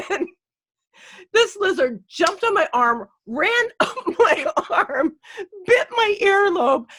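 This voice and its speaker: A woman's voice: extremely high pitch, sing-song, slow pace, a bit bright. A woman hosting a casual group chat, telling a funny story with lots of laughter. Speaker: host.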